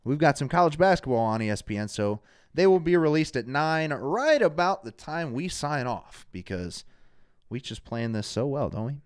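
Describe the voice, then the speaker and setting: Lively, animated man hosting a fan show. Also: mid-range voice, moderate pace, clean tone. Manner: energetic, shouts out viewers by name. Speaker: show host. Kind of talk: live fan talk show chat. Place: studio under hot lights.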